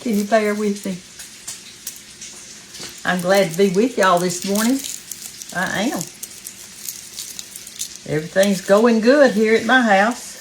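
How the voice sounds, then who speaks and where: A Southern-accented woman hosts a relaxed cooking demonstration in her home kitchen and talks to viewers like old friends. She sounds a touch out of breath, and her voice sits at an ordinary middle pitch. Faint frying sizzles in the background. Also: slow pace, pauses often, a little hiss or hum, rough recording. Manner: folksy and chatty, talks straight to viewers as "y'all". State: a little out of breath. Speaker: cooking show host.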